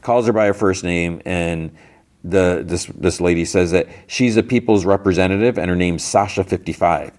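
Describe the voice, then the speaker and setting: With a low, darkish voice at normal speed, this podcast host casually walks through a TV episode. His recap rambles, full of fillers and repeated restarts.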